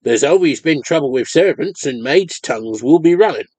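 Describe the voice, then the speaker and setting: A man playing an honest, slow-witted older farmer with a Cornish accent and plain rustic speech. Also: on the high side, animated, darkish tone, dry recording. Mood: cautious.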